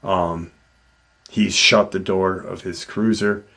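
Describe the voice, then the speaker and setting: A man hosting a show, retelling a listener's encounter in a halting, casual way with frequent restarts. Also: deep voice, steady tone, creaky, pushed and bright. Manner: halting, with many restarts and fillers. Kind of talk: casual storytelling.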